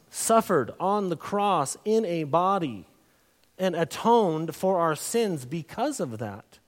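A high-voiced man preaching with emphatic, drawn-out stresses on key words. His sermon rings through a hall with a long reverb tail. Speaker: pastor.

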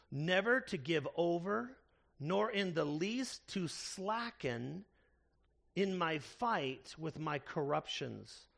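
A man preaching a sermon as a pastor, earnest and slowing down to stress key words. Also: on the high side, gravelly.

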